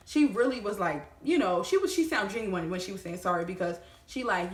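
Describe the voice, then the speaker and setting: An animated woman tells a storytime vlog, swearing freely and calling out to her viewers. Her voice sits at an ordinary middle pitch. The room around her rings with a noticeable echo. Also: a little fast, few pauses, a little hiss or hum. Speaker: vlogger.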